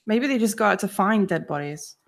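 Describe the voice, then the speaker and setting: Co-host, female: mid-pitched, dry and brief, casual chat over a video call. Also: expressive, a little fast, gravelly.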